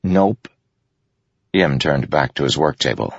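A man narrating a story in a measured, steady way. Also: a bass voice, gravelly, slightly rough, dry recording, lo-fi sound. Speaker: audiobook narrator. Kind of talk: scripted narration.

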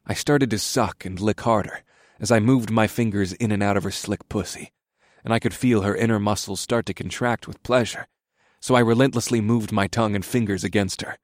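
A man narrating an erotic story in the first person, in a steady, subdued reading voice. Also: on the low side, brisk, no echo, studio quality.

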